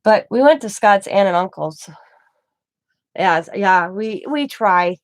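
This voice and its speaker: A woman's voice: medium pitch, lively intonation, unhurried, dry recording. Chatty Midwestern woman, dry close sound. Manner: rambling storytelling with quoted dialogue. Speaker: craft channel host. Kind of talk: casual chat to camera.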